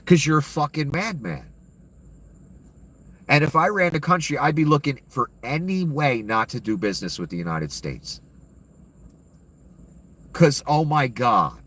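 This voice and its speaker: A man's voice: a little high, expressive, measured pace, long pauses, a bit bright. A man giving an angry, profane and sarcastic rant of political commentary.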